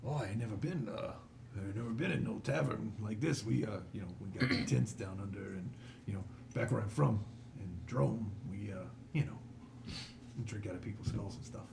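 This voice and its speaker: A man voicing a rough male gnoll who talks in a coarse, rambling, ungrammatical way in a tabletop game. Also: fairly low pitch, fairly quick, noisy background.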